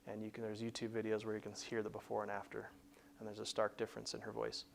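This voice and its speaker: A man's voice: lowish voice, completely flat delivery, fast, vocal fry, slight background noise. A man hosting a career advice show, explaining plainly in a conversational teaching style with frequent restarts. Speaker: career coach host.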